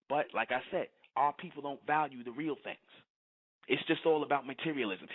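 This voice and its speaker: Preachy male commentator, somewhat high voice, thin phone-quality audio, lecturing nonstop. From United States. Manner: lecturing, keeps asking "you understand?". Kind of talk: preachy monologue. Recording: tinny phone-like sound.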